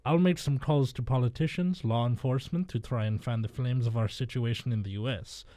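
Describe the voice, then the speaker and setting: A man's voice: on the low side, moderate pace, warm tone, no echo, close to an everyday voice. A man putting on a scheming drug lord with a shaky fake accent. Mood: commanding. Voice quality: clumsy put-on Spanish accent that sounds Russian. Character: scheming middle-aged male drug lord boss.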